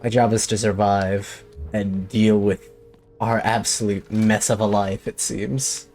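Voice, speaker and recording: A man's voice: fairly low pitch, flat delivery, a little slow, a little mellow, soft background music. A man streaming a horror game, talking to himself in jumpy, joking commentary. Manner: jumpy, talks to himself, jokey. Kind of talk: let's play commentary.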